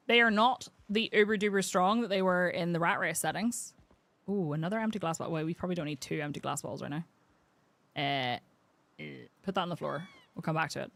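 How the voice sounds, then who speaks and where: Lively chatty Northern Irish woman streamer. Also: mid-range voice. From Northern Ireland. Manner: chatty and self-mocking, answers chat, laughs often. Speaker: game streamer. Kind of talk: casual live-stream chat while playing.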